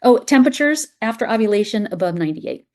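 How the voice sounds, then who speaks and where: A woman guest in a conversational interview, talking emphatically with strong opinions and quick asides. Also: a little high, animated, a little mellow. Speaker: guest, acupuncturist and app founder.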